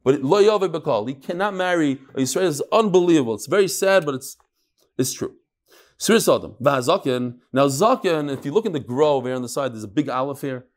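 Man giving a Talmud lesson, slightly high voice, lively swings in pitch, study hall. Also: fairly quick. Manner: explains in English, mixing in Hebrew and Aramaic terms; animated, with sudden swings up and down in pitch. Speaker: Talmud teacher. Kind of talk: Talmud class lecture.

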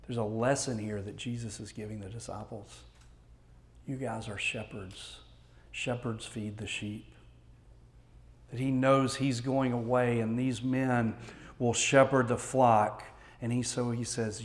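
Texan pastor preaching an earnest sermon. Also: male voice, medium pitch, slow, slight background noise.

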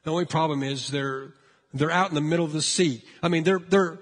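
A man preaching a sermon, telling a story with lively acted-out voices. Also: a little high, fairly quick, long reverb tail. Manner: animated storytelling, acting out frightened voices. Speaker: pastor.

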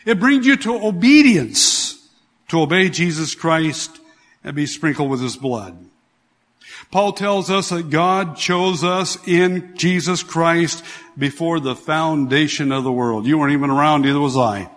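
A man preaching in a church sanctuary, his slightly high voice carrying with a long hall reverb. He repeats key phrases for emphasis and throws rhetorical questions at the congregation. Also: unhurried, a bit bright. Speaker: pastor. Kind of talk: sermon.

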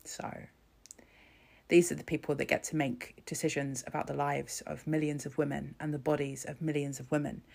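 A woman's voice: low-pitched, level tone, normal speed, gravelly, a little mellow. A young woman hosting a solo podcast, chatty and sweary, rambling with frequent restarts. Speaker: podcast host.

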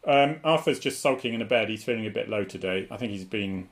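A man from England co-hosting a relaxed chat, who laughs easily and now and then slips into put-on accents. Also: fairly low pitch, fast. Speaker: co-host. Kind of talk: casual live-stream chat.

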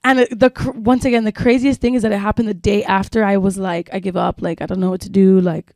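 A podcast co-host shares a long personal tale full of fillers and casual swearing, her medium-pitched voice level, quick and darkish. The audio is dry and close, with no room sound.

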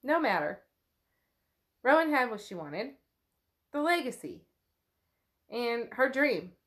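A woman's voice: on the high side, very animated, slow, fairly bright tone. A woman co-hosting a book podcast, retelling the chapter in a loose, chatty way, laughing often and swearing now and then. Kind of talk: casual book recap chat.

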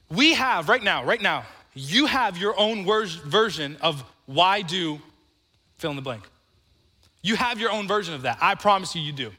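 A man's voice: sits high, sharp tone, long reverb tail. A man preaching a sermon as pastor, talking conversationally and calling on the congregation to answer back.

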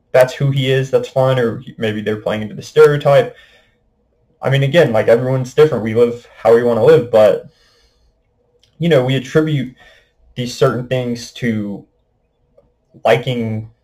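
A man's voice: medium pitch, normal speed, a little mellow, rough recording. A young man hosting a casual monologue podcast, rambling with lots of fillers. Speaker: podcast host.

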